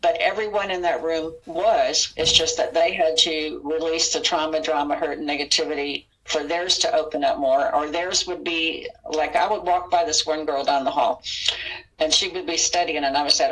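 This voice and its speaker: A woman's voice: sits low, steady tone, normal speed, a bit bright, poor audio. A woman guest on a podcast interview, earnestly retelling her experiences and acting out the dialogue. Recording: audio interview.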